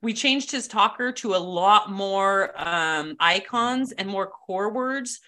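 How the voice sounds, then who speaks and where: A woman co-hosting a relaxed podcast chat. Her voice is bright and sits at an ordinary pitch, and she tells stories candidly with frequent laughter. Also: slow. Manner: candid, laughs often, quotes people in a shifted voice. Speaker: podcast co-host. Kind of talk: casual chat.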